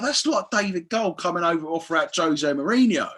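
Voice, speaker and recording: A man, chatting casually on a podcast and telling animated football stories, swearing freely and acting out what people said. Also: fairly high pitch, a little fast. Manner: animated storyteller, swears freely, acts out quotes. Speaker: football fan guest.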